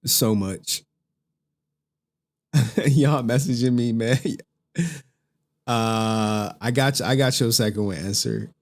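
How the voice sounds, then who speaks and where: A young man streaming live, chatting casually with slang and cursing, breaking into laughter often. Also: mid-range voice. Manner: laughs often, slangy and profane, slow drawl.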